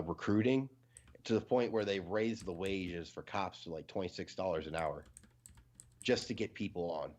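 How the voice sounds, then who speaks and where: A man's voice: low voice, a little mellow. A man from Ohio casually chatting as a livestream host, rambling and full of fillers. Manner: rambling, heavy with fillers, tells jokes. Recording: dull lo-fi stream audio.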